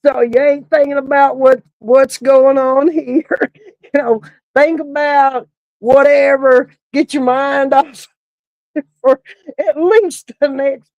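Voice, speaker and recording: Woman, middle-aged, slow drawling storyteller, laughs constantly, casual cussing. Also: high-pitched, fairly even intonation, dry recording, muffled recording. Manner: laughs often while telling a story, swears casually. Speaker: podcast co-host, former funeral director.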